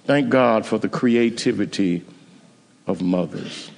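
A man preaching a sermon in a church, rising to high, emphatic climaxes. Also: takes it slowly, creaky, darkish tone, slight background noise. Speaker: pastor. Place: church sanctuary. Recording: church hall reverb.

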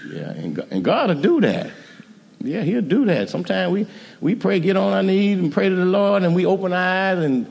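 A man preaching a sermon in a church, rising to high, emphatic climaxes. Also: vocal fry. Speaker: pastor. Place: church sanctuary. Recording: church hall reverb.

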